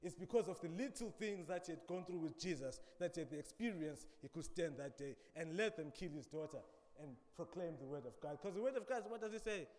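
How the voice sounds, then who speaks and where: A man preaching a sermon, dramatic, swinging between loud emphasis and quiet asides. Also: on the high side, lively intonation, brisk, hardly any pauses, in a large hall.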